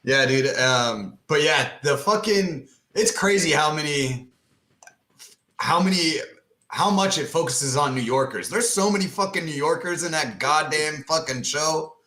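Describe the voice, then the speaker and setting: A man's voice: on the high side, expressive, measured pace, bright, forceful tone. Joking man in an echoey room. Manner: joking, profane banter. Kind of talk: casual chat. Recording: roomy echo.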